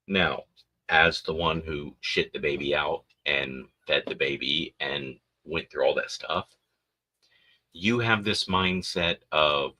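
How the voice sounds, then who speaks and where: A man's voice: rumbling low, slow, bright, forceful tone. A man hosting a podcast, rambling crudely and jokingly, often acting out silly voices. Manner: crude, joking, acts out voices of babies and parents. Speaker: podcast host. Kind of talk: casual rambling monologue.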